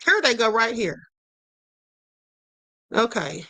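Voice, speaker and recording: A woman's voice: a little high, sing-song, slow pace, sharp tone, no echo. A woman hosting a political commentary livestream, talking emphatically to her viewers in a string of rhetorical questions. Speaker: livestream host.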